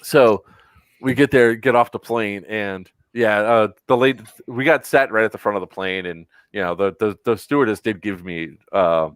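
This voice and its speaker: A man hosting a casual podcast chat, telling a long story in an animated, exasperated and profane way. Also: fairly low pitch, moderate pace, clear, resonant tone, dry recording. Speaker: podcast host.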